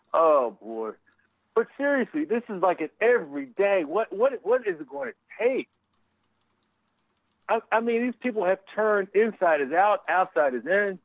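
A man's voice: a little high, dry recording, highs cut off. A man with a Philadelphia accent, co-hosting a casual chat, profane and rambling. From US Northeast. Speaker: podcast co-host.

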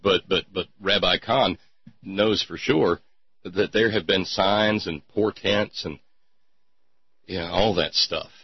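A man's voice: low voice, slow pace, husky, no room sound. A man hosting a sarcastic commentary show, rambling with lots of fillers. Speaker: host. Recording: dull lo-fi podcast mic.

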